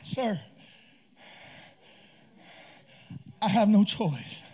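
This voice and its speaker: A man's voice: high-pitched, animated, measured pace, a little mellow, slightly rough, voice pushed down, exaggerated voice. A man playing a defensive male donkey owner in a scene inside a sermon, protesting and asking incredulous questions. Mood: yielding. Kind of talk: acted scene within a sermon.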